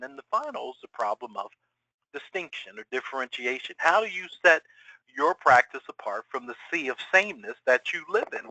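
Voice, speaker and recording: A middle-aged man presents a webinar in a bright, forceful voice that sits a little high. He keeps asking his listeners rhetorical questions, and the sound is dry and close. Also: no room sound, poor audio. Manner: energetic, rhetorical questions, acts out quoted clients. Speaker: webinar presenter for financial advisors.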